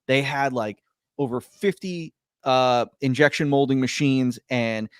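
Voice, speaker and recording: A man casually telling a long story on a podcast, rambling and stumbling over his words, his voice swinging between loud bursts and quiet mutters. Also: mid-range voice, measured pace, clean tone, dry recording, studio quality. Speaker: podcast guest.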